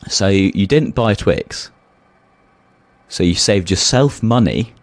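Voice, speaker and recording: A man co-hosting a comedic podcast, lively and playfully mock-outraged, laughing often. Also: fairly low pitch, slow pace. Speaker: podcast co-host. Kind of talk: casual comedic podcast chat.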